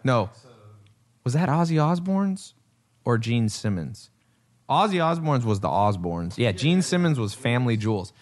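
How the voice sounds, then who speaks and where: A man's voice: mid-range voice, very animated, measured pace. Rambling male podcast host. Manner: rambling storyteller, acts out quotes. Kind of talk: casual chat.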